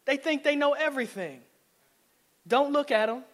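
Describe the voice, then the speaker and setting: Preacher, male, high voice, playful then loud, reverberant sanctuary. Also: normal speed. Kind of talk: sermon. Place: church sanctuary.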